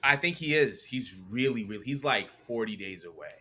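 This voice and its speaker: A man co-hosting a podcast in casual chat, animated and teasing the others. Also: mid-range voice, fairly quick. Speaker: podcast co-host. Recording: noisy podcast recording.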